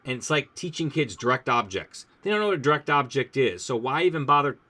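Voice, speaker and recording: Talking fast at a medium pitch, a man who teaches languages gives a relaxed account of his classroom. He's an animated storyteller who performs bits of lessons and the voices of the room.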